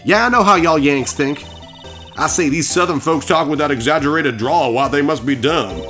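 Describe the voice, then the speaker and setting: A man's voice: on the high side, normal speed, faint music behind, pitched above the performer's own voice. A man putting on a fiery Southern woman photographer. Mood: indignant. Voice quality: overdone country drawl. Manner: scolding, loud and indignant. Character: brash Southern woman photographer, short-tempered.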